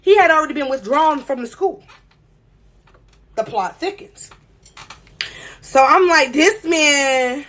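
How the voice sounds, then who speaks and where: A young woman with a high voice tells a long story on a live stream. She acts out every scene with dramatic flair and keeps breaking off to read the chat. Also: takes it slowly, long pauses. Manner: animated, dramatic retelling, reads chat aloud.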